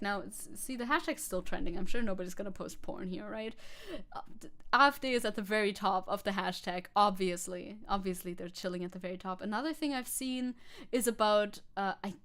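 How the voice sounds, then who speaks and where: A young woman from Germany streaming as a VTuber, chatting casually and sarcastically, reading chat comments, swearing freely and laughing often. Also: a little high.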